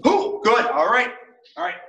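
Male martial arts instructor, high bright voice, upbeat and encouraging, calling out drills; recorded from across an echoey studio. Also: wildly swooping pitch, normal speed, vocal fry, far from the mic. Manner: upbeat, encouraging, casual with fillers.

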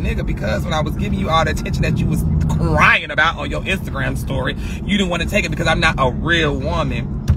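A man livestreaming while driving, chatting in a sassy, loud and profane way, often calling his listeners girl. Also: a little high, fairly even intonation, quick pace. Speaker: livestream host. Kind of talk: casual chat while driving. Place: inside a car on the road. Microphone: phone on a dashboard holder. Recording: car and traffic noise. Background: road and traffic noise.

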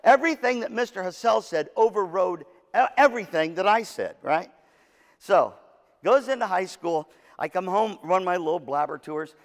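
A man's voice: high-pitched, lively intonation, moderate pace. A man giving a humorous, story-driven keynote talk to music teachers, joking and self-deprecating, recorded in a large conference hall. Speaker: keynote speaker to band directors. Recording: long reverb of a large hall.

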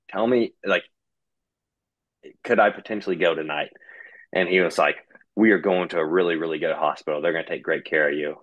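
A young man with a low, deep voice tells his story as a podcast guest. He speaks casually and re-enacts each exchange in quoted dialogue. The sound is close and dry, with no room in it. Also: a bit bright, dry recording, poor audio. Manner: retells scenes by quoting dialogue. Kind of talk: casual first-person storytelling.

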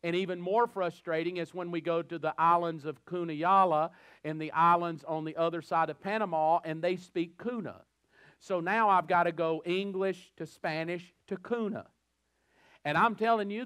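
A man with a Southern American accent preaches a sermon in a fairly high voice. He is animated, repeats his words as he starts a thought, and acts out small scenes. The sound is dry and close. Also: moderate pace, clean tone, no room sound. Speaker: pastor. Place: church.

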